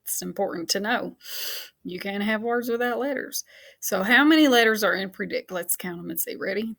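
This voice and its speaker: A woman teacher leads a recorded phonics lesson for kids, patient and encouraging as she slowly spells and counts aloud, laughing off her own mistakes. Her voice is mid-range, gravelly, and fairly bright.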